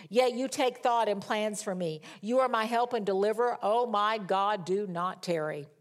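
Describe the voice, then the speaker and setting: A middle-aged woman preacher reading scripture and telling a humorous personal story in a lively sermon. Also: on the high side.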